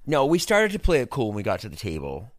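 Guy telling a story, all over the place pitch-wise, swears a lot, dry sound. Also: fast, no room sound. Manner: animated, swearing, acts out quotes. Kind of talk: casual chat.

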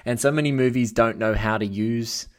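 A man's voice: medium pitch, normal speed. A man hosting a podcast, talking about a film in an enthusiastic, rambling way and laughing often. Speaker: podcast host. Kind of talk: casual film discussion.

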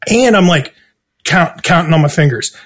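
A man with a notably high-pitched speaking voice tells a rambling story with heavy swearing. He slips into loud, excited impressions of himself and others as he goes. It sounds like a relaxed guest chat. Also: moderate pace. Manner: profane, animated, acts out his own quotes. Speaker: guest musician. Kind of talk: casual storytelling.

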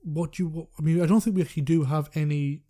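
A podcast host talking about films in a relaxed, slightly rambling casual way. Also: mid-range voice, quick pace. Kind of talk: casual film podcast chat.

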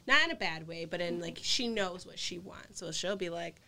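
A woman's voice: fairly low pitch, expressive, normal speed, creaky, sharp tone. A young woman who runs a princess party business, chatting casually, bubbly and laughing often as she acts out her own reactions. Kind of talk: casual chat.

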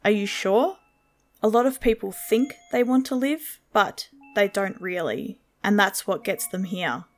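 Curt impatient guy giving grim orders, woman reading it, slow and blunt. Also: medium pitch, close to an everyday voice. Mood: terse. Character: terse impatient man giving grim advice.

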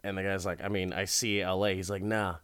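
A man hosting a podcast, casually retelling a TV episode with lots of swearing, laughing and quick put-on character voices. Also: low voice, flat delivery, a bit bright, clear, resonant tone, dry recording. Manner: profane, laughing, acts out characters' lines. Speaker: podcast host recapping a TV episode. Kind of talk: casual storytelling recap.

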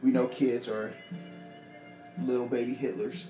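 A young man from Ohio co-hosting a podcast, telling stories in a loud, profane, animated way and laughing often. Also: mid-range voice, a little slow. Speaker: podcast co-host. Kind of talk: casual chat. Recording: echoey room with music behind.

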